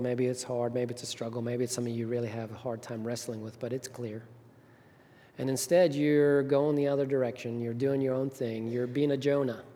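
A man preaching a sermon as pastor, telling a story with emphatic rises and soft drops. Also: mid-range voice. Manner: storytelling, rising to emphatic peaks then dropping soft. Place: church sanctuary. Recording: reverberant hall.

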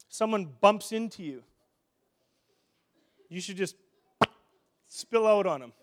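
A middle-aged man preaching a sermon in an animated, conversational way, often restarting his sentences. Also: high-pitched, slow pace, long pauses.

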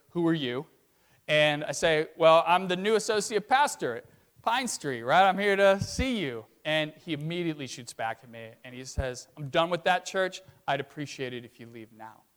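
A middle-aged man from Virginia preaches a sermon as a pastor. He talks in a relaxed, storytelling way and often checks in with the congregation. His voice sits a little higher than most men's. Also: clean tone. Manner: conversational storytelling with tag questions.

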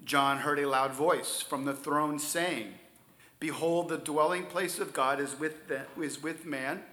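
A man preaching a sermon, stressing key words loudly and then dropping to near-whispers. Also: a little high, measured pace, reverberant. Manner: emphatic preaching, swings from loud stresses to soft near-whispers. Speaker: pastor.

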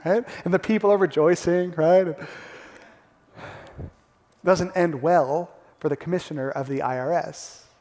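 High-pitched man, preaching a sermon, animated, echoing hall. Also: unhurried, pauses often. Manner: animated, acts out gasps and quotes. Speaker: pastor. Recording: long hall reverb.

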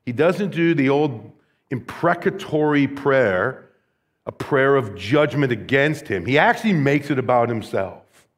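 A man's voice: medium pitch, expressive, measured pace. A man preaching a sermon, moving between conversational asides with light humor and more intense, rising delivery when he reads scripture and asks rhetorical questions. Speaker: pastor.

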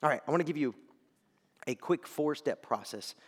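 Animated male pastor preaching in a hall. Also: fairly high pitch, normal speed, husky. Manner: animated storytelling, dropping to near-whispers. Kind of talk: sermon. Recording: echoey hall.

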